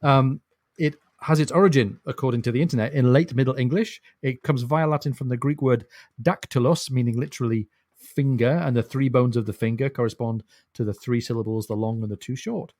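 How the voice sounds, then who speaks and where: A man's voice: mid-range voice, a little fast, darkish tone, no echo, studio quality. A man co-hosting a podcast, chatting thoughtfully about a novel and laughing now and then. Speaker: podcast co-host. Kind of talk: casual book discussion.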